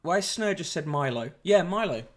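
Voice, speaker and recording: A man's voice: a little high, lively intonation, brisk. A man hosting a casual live-streamed newspaper review, sardonic and rambling, with lots of ums and uhs. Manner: sardonic, rambling, with frequent fillers. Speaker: host.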